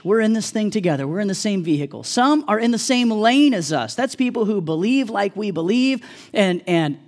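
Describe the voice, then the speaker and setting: A male pastor giving a sermon in an animated, joking, conversational way. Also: very high-pitched.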